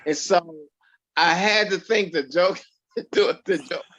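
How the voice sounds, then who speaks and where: A man telling stories in an interview, animated and acting out the dialogue he quotes. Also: sits high, a little slow. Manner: animated storyteller who acts out quoted dialogue. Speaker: actor guest. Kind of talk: storytelling in an interview.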